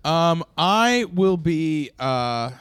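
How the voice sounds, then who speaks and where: A young man co-hosting a comedy podcast, chatting casually with wry, deadpan jokes. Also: a little high, drawn-out words, clear, resonant tone, no echo, studio quality. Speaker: podcast co-host.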